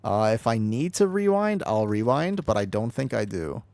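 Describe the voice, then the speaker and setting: A man streaming an online game as a healer, rambling excitably through casual commentary, swearing freely and laughing often. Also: on the low side, moderate pace, dry recording. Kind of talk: casual live gameplay commentary.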